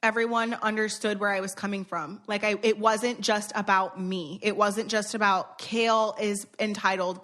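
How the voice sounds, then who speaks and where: A woman's voice: mid-range voice, pushed and bright. A woman co-hosting a podcast, talking earnestly in casual chat and repeating phrases to make her point. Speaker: podcast co-host.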